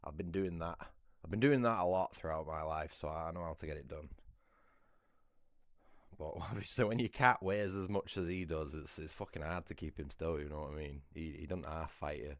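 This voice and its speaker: A man's voice: very deep voice, normal speed, no echo, studio quality. A British man chatting casually on a livestream, rambling and swearing freely.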